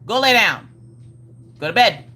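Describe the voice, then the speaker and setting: Woman, livestream host, upbeat casual chat, slightly high voice. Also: lively intonation, measured pace, very noisy. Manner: upbeat, greets viewers by name.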